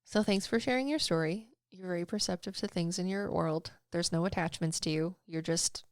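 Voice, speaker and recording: A woman's voice: fairly low pitch, brisk, dry recording, clean studio sound. A woman co-hosting a podcast, chatting casually, laughing often and trailing off as she reads listener stories and reviews. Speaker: podcast co-host.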